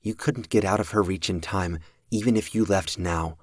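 A man voicing an artificial intelligence that speaks through a wrist device in a calm, matter-of-fact way. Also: low voice, moderate pace, no room sound, clean studio sound.

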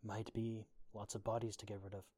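A man's voice: lowish voice, flat delivery, fairly quick, mellow, slightly rough, dry recording. A man voicing a tired, cautious young woman who speaks in a subdued, careful way, in a storybook audiobook.

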